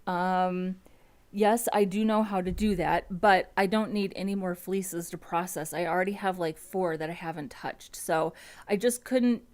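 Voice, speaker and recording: A woman's voice: medium pitch, darkish tone. A woman chatting casually at home as host of a front-end coding live stream, rambling and restarting her sentences.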